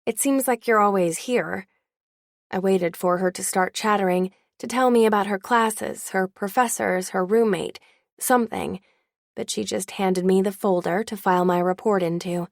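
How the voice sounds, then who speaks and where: A woman's voice: medium pitch, steady tone, normal speed, gravelly, no room sound, clean studio sound. A woman narrating an audiobook in the first person with a wry, candid tone.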